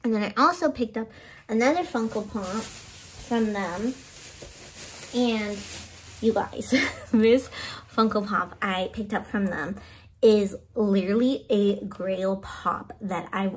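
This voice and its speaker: A woman chatting to her phone camera at home, gushing and excited as she shows off her birthday haul, laughing often. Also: mid-range voice, takes it slowly, slight background noise. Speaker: vlogger showing a birthday haul. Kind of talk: casual chat to camera.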